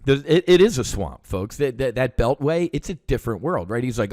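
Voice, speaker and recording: Very animated and a little fast, with hardly any pauses, a US veteran podcast host tells a story in a profane, heated monologue full of fillers. His mid-range voice is a little mellow, and the recording is dry and of studio quality.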